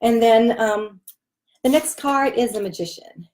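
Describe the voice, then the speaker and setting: A woman's voice: on the high side, unhurried, darkish tone. A woman chatting casually as a tarot reader while showing cards, loose and full of fillers. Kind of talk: casual chat showing a deck.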